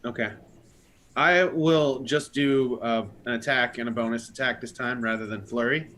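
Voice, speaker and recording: A man's voice: medium pitch, fairly even intonation, a bit bright, slight background noise. A man playing a tabletop game with friends, talking casually, swearing and laughing at his rolls. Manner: casual and profane, quick to laugh. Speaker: player.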